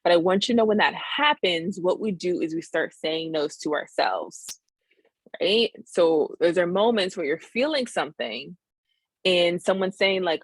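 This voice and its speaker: A woman therapist leads a webinar in a fairly low, dry voice. She talks earnestly and keeps pausing to check in with "right?". The sound comes over a video call with no room echo. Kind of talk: teaching a live webinar.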